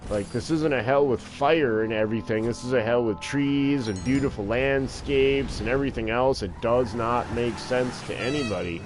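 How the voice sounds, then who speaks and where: A man's voice: mid-range voice, moderate pace, hardly any pauses. A man talking in a rambling, crude, profane casual monologue while playing a game. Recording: noisy with vehicle sounds behind.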